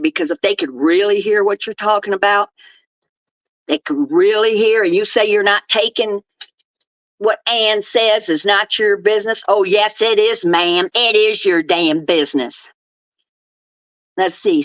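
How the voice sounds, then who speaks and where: A woman's voice: mid-range voice, normal speed, fairly bright tone, no room sound, lo-fi sound. An older woman from Texas, hosting her own show with blunt, profane, scolding rants. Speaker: show host. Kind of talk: ranting commentary.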